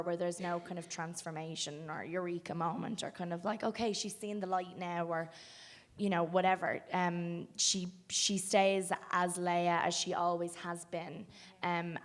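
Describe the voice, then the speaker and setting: A young woman with an Irish accent speaks in a low, fairly flat voice. She talks softly and thoughtfully, filling her pauses with ums, in a relaxed interview chat. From Ireland. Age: young adult. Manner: thoughtful, frequent ums, soft-spoken. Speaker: film actress guest.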